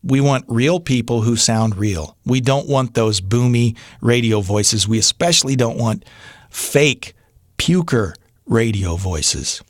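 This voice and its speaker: A man's voice: mid-range voice, measured pace, dry recording, clean studio sound. A middle-aged man coaching voiceover beginners in a casual, genuine tutorial, talking conversationally with fillers and restarts. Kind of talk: casual tutorial talk to camera.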